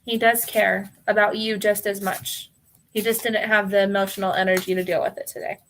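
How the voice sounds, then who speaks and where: A woman's voice: mid-range voice, little pitch movement, brisk, slight background noise. An American woman hosting a live tarot stream, reading viewer names aloud, often laughing and calling people hon. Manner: warm, apologetic, giggly, calls viewers hon.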